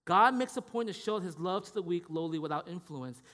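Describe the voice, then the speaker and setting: A man's voice: high-pitched, expressive, brisk, fairly bright tone. A man preaching a sermon as pastor, in a conversational style with frequent "right?" tag questions and restarts. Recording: long hall reverb.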